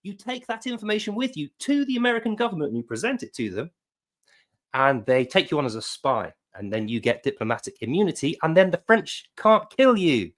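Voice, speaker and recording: Male commentator, sarcastic and mocking, lively up-and-down delivery. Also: fairly high pitch, fairly quick. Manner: mocking, incredulous. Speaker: online commentator.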